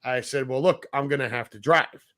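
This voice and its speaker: A man's voice: mid-range voice, fairly quick, fairly bright tone. A middle-aged man, a podcast co-host, telling a long story in casual chat, acting out the people he quotes and swearing freely.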